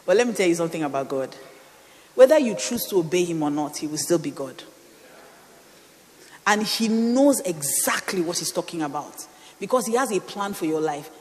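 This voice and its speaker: A middle-aged woman pastor, preaching a sermon with animated storytelling and playful asides. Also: lowish voice, normal speed, pauses often, in a large hall. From Nigeria.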